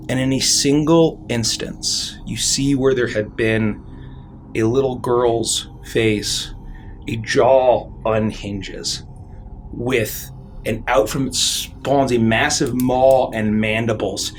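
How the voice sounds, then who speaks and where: A man's voice: mid-range voice, steady tone, takes it slowly, faint music behind. A man narrating as dungeon master, describing scenes vividly with frequent fillers. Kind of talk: narrating a tabletop game.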